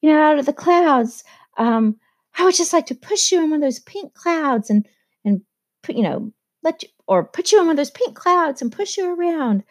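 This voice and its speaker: A woman's voice: high voice, lively intonation, normal speed, pitched above the performer's own voice. A teacher voicing a dreamy, whimsical young society woman who rambles airily.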